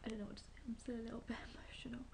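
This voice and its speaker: Gravelly young woman vlogging, noisy recording. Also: a little high, little pitch movement, rapid-fire. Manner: chatty, rambling, self-mocking; soft whispering at night. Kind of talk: casual chat to camera. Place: indoors at work, then in bed at home.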